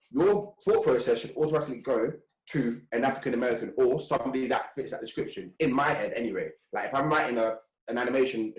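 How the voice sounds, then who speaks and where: A young man co-hosting a podcast, relaxed and slangy, laughing easily in casual chat. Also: mid-range voice. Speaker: podcast co-host. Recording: roomy echo.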